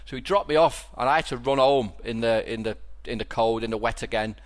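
Middle-aged Liverpool man, podcast host, relaxed rambling storyteller, mid-pitched voice. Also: a little fast. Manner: rambling storyteller with many restarts. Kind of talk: casual chat.

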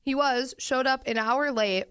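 A woman's voice: high-pitched, a little slow, fairly bright tone, clear, resonant tone, no room sound, clean studio sound. A young woman co-hosting a podcast, telling weekend stories in casual chat with lots of "like" and "um". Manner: chatty storyteller, lots of "like" and "um"; talks with her mouth full at times. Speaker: podcast co-host.

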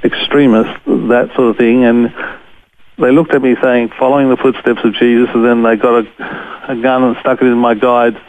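An Australian man, a photographer interviewed as a guest, telling a story in a lively way and chuckling often. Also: mid-range voice, moderate pace. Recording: tinny phone-line radio sound.

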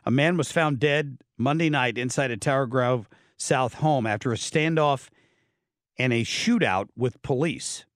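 A man's voice: medium pitch, unhurried, no echo, clean studio sound. A man hosting a talk radio show, giving blunt, sardonic commentary that is full of fillers and restarts. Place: radio studio. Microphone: studio microphone.

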